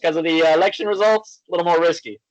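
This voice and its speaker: A man with a fairly high voice tells stories in casual podcast chat, acting out each side of the conversations he recounts. The recording sounds dull and lo-fi, yet dry, with no room echo. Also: rapid-fire. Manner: storytelling, animated, acts out quoted exchanges. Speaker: podcast guest.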